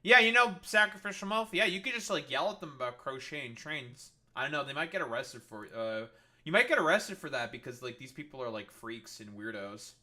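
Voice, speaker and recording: Here a man with an expressive, sharp-toned, medium-pitched voice talks fairly quickly. He's livestreaming political commentary, sarcastically ranting over news clips, cursing constantly and filling gaps with "uh" and "like."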